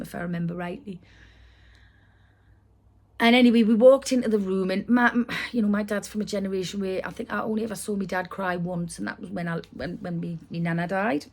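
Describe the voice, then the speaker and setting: A woman tells a personal story in a rambling way. She restarts often and adds many asides, with her voice sitting at a middle pitch. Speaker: vlogger.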